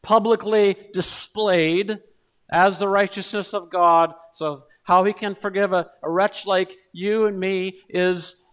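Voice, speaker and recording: A man's voice: sits high, steady tone, slow pace, fairly bright tone, clear, resonant tone. A man preaching a sermon in an earnest manner, building to emphatic repeated appeals.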